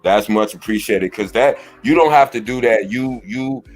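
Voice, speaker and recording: A man's voice: fairly low pitch, moderate pace. A man co-hosting a casual live-stream chat, easygoing and agreeable, telling stories. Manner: easygoing, agreeing, tells stories with put-on greetings.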